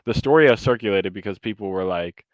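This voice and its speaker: A man co-hosting a podcast in casual chat, telling an animated story, acting out quotes and swearing freely. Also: on the low side, quick pace, no room sound, dull audio. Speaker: podcast co-host, coach.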